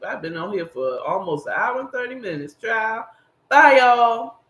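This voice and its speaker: High-pitched and very animated, this male podcast host speaks at a normal speed with a bright, forceful tone. His casual solo commentary rambles and stays emphatic as he faces his audience directly. The echoey recording has a little hiss or hum.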